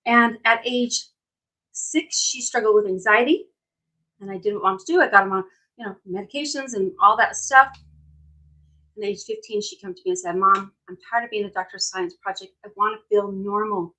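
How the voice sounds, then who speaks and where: A woman's voice: mid-range voice, normal speed, bright, forceful tone, rough recording. Middle-aged woman, hypnotherapist, chatty storyteller, casual livestream from home. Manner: chatty, tells stories, asks "right?". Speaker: hypnotherapist and nutrition coach. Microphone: phone or webcam.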